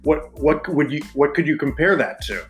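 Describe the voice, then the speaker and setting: Dry, teasing podcast co-host, lively pitch. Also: normal speed, faint music behind. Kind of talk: casual chat.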